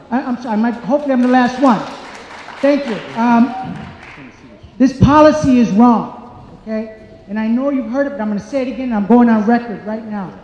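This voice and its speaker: Angry high-voiced man in echoey hall. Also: mellow, a little hiss or hum. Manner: angry, emphatic, repeats points. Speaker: community member speaking at public meeting. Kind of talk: impassioned public comment. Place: large church hall. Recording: echoey hall, dull sound.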